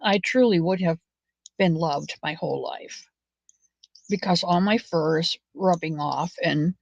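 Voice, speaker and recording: A woman chats to her viewers while she knits, telling folksy stories that wander from one thing to the next. Now and then she drops into a soft mutter as she works. The recording is dry and slightly muffled. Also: lowish voice, measured pace, gravelly, dry recording. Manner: rambling, folksy storytelling with soft muttered asides. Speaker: knitting channel host. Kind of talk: chatty knit-along monologue. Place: at home, knitting.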